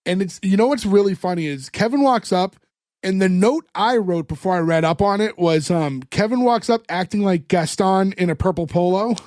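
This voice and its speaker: A man's voice: sits high, normal speed, dry recording, clean studio sound. A man co-hosting a podcast, retelling a show's scenes with lots of "like" and acting out the characters' lines. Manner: animated retelling, acts out characters' lines, fillers like "like". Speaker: podcast co-host recapping an episode. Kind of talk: casual chat.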